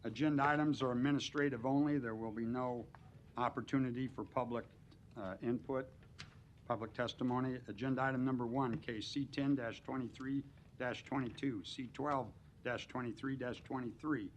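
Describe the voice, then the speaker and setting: A man chairing a public planning board meeting, briskly calling motions and reading out case numbers. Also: mid-range voice, fairly even intonation, dull audio, a little hiss or hum. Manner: brisk procedural, reads case numbers aloud. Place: council chamber.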